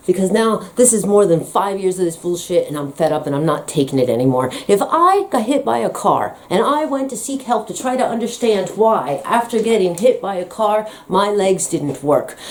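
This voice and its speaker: A woman's voice: medium pitch, big pitch swings, moderate pace. A woman vlogger delivering an angry personal rant, blunt and profane with sarcastic asides.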